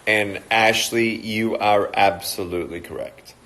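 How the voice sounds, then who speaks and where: A man with a mixed, hard-to-place accent hosting a casual live stream, reading out and greeting viewers' comments in a slow, upbeat way. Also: fairly low pitch, fairly even intonation, a bit bright. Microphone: phone or webcam live stream.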